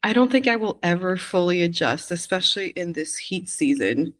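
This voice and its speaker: A woman from Quebec, Canada, talking as a missionary guest in a casual interview, easygoing and quick to laugh, pausing with "um". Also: fairly low pitch, expressive. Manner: easygoing, laughs often, pauses with "um".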